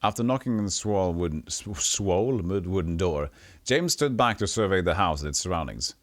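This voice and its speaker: A deep-voiced man streaming an old role-playing game, chatting casually and reading its text aloud. His delivery swings up and down with plenty of life, and he trips over words and fixes them as he goes. The sound is dry and close, recorded at his home streaming setup. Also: a little fast, no echo. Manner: animated, reads with stumbles and self-corrections.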